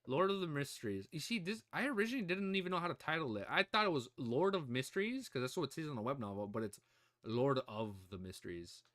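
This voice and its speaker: A man hosting a livestream reaction, chatting excitedly with viewers and his puppy. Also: a little high, quick pace. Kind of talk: casual livestream reaction chat.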